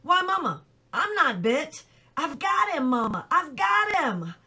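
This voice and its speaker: Lady doing a keen little farm boy, high voice, talks in eager rushes. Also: expressive, fairly bright tone. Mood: excited. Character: excited young farm boy, eager and proud.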